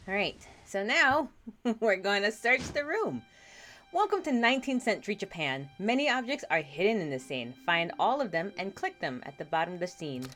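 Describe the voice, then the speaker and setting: A chatty woman streaming a game, talking to her viewers in a loose, self-deprecating way. Her intonation is lively, rising and falling freely. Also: medium pitch, normal speed, faint music behind. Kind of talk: casual game commentary.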